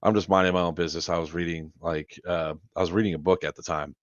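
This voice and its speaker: A man's voice: low voice, fairly even intonation, fast, no echo. A man hosting a charity livestream, telling casual, profane, rambling stories with frequent laughs. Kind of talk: casual anecdote storytelling. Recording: dull lo-fi stream audio.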